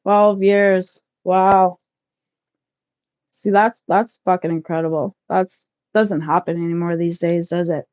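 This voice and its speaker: A woman in her thirties chatting casually with live viewers while packing up, loud and laughing, swearing freely. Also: lowish voice, steady tone, takes it slowly, dry recording, muffled recording. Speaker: livestream vlogger. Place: shed, packing up.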